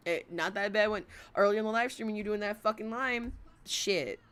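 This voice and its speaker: A woman's voice: mid-range voice, normal speed, fairly bright tone, clear, resonant tone. A woman streamer giving blunt, profane, mocking commentary while reacting to a livestream. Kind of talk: casual commentary.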